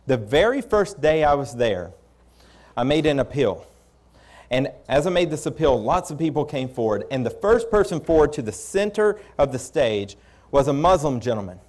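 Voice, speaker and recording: A male preacher at mid pitch tells a story from the pulpit. He speaks candidly and conversationally, often restarting his sentences. He sounds like someone sharing personal experiences rather than reading a script. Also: sing-song, moderate pace, darkish tone. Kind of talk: storytelling sermon.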